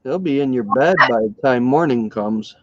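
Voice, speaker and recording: A man's voice: medium pitch, expressive, moderate pace, no room sound. An easygoing man chatting casually while he works on a craft. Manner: easygoing, laughs often. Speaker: livestream co-host. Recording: lo-fi livestream audio.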